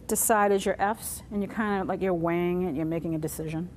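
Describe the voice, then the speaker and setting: A woman's voice: on the low side, fairly even intonation, quick pace, hardly any pauses, slight background noise. A woman teaching a sign language class, patiently talking through each sign as she shows it. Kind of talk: classroom instruction. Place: community center classroom.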